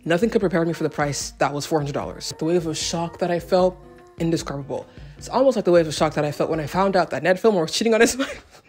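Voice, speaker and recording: A woman's voice: lowish voice, fast, a little mellow, faint music behind. A young woman talking casually through a fashion vlog, rambling and self-deprecating with jokey asides. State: out of breath. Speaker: fashion vlogger.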